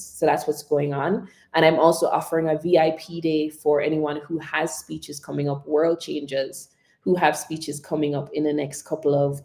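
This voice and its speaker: A woman coaching public speaking on a live stream, expressive, modelling whispers and dramatic pauses. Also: low voice, roomy sound.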